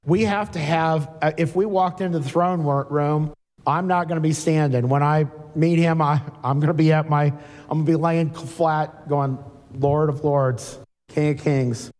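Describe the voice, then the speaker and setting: A man's voice: fairly high pitch, steady tone, normal speed, darkish tone. A man preaching a sermon in a conversational way, reading scripture aloud and breaking in with asides. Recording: long hall reverb.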